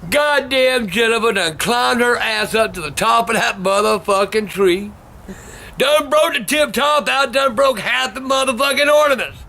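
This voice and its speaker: An older man telling profane stories that break into shouting rants. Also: very high-pitched, animated, normal speed, creaky. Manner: cursing constantly, bursts into shouting. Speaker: vlog host telling stories. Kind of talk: profane storytelling rant.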